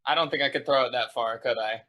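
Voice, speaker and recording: A man's voice: medium pitch, fast talker, pushed and bright. A man playing a tabletop game, talking casually and joking about his moves. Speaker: player.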